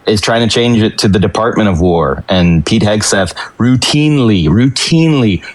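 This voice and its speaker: Blunt low-voiced man in his thirties. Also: animated, normal speed. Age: 30s. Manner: blunt, sardonic. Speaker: caller. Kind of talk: casual call-in chat.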